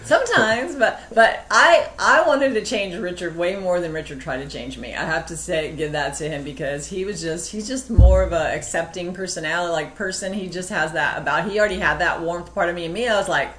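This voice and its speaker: A woman's voice: on the low side, a little fast, few pauses, a bit bright, a little hiss or hum. A woman co-hosting a marriage talk show, speaking earnestly in a casual, rambling way. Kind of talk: casual chat. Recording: echoey room.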